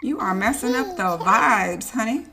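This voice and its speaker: A woman's voice: fairly high pitch, expressive, measured pace, background noise. A woman streaming a life-sim game, chatting casually and teasing her characters as she plays. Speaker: gaming streamer. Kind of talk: casual let's play commentary.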